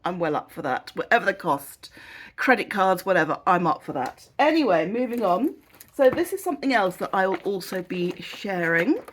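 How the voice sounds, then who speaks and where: A woman's voice: mid-range voice, very animated, normal speed. A woman with a British accent, chatting casually through a food haul vlog in a rambling, self-mocking way. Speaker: haul vlogger. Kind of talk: casual chat.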